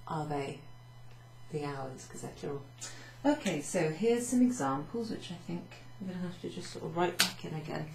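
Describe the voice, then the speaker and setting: Standing at a whiteboard in a room at home, a woman with a Welsh accent goes over Italian phrases in a recorded class summary, joking at her own expense in a chatty way. Her voice is on the low side; picked up by a camera across the room, the sound is roomy and poor, with slight background noise.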